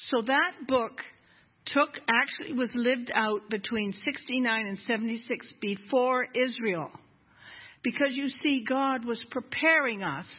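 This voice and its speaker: A woman's voice: on the high side, slightly rough. An older woman preaching a sermon to a congregation in an emphatic, impassioned way. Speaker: guest speaker at a congregation. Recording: lo-fi, phone-like sound.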